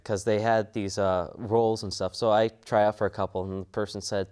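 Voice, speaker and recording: A young male voice actor talks casually in an interview, earnest and a bit rambling. His voice sits slightly low for a man. He restarts his thoughts as he goes. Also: little pitch movement, a little fast, few pauses, darkish tone, clear, resonant tone. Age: young adult. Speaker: voice actor and student.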